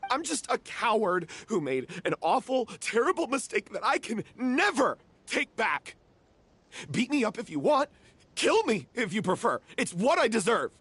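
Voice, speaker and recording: A man's voice: fairly high pitch, breathy edge, dry recording. An actor playing a guilt-ridden young male theatre troupe member who speaks in a remorseful, pleading manner in a video game.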